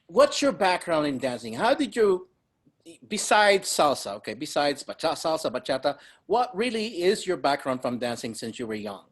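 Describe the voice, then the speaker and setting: A man's voice: on the high side, sing-song, moderate pace. A man hosting a casual interview, asking questions with frequent laughs and restarts. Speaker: podcast host.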